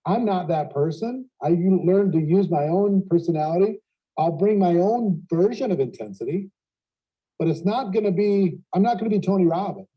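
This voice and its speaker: Host: man, high voice, energetic coaching style, muffled lo-fi audio. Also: moderate pace. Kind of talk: panel discussion coaching tips.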